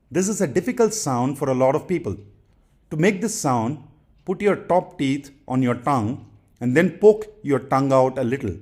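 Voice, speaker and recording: A man teaching English pronunciation, saying each practice word twice in a deliberate, instructional way. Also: medium pitch, lively intonation, darkish tone. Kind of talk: slow instructional drilling.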